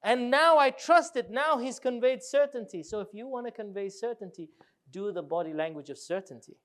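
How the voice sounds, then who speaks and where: A man giving an animated, jokey workshop talk and quizzing his audience. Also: very high-pitched, moderate pace. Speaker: speaker.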